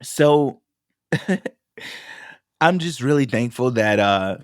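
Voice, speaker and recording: A young man hosting a solo podcast in a sassy, affirming, casual way, calling his listeners baby and hyping them up. His voice sits at an ordinary middle pitch. The sound is dry and close, with no room around it. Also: animated, extremely slow, no room sound. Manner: pep-talk, builds to emotional encouragement. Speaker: podcast host and food vlogger.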